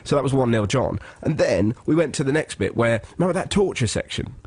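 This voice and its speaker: A man's voice: medium pitch, animated, brisk, a little mellow, breathy edge. An English man co-hosting a radio show, telling a funny story with lots of energy and acting out people in silly voices. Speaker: radio co-host. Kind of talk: excitable comic storytelling. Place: radio studio.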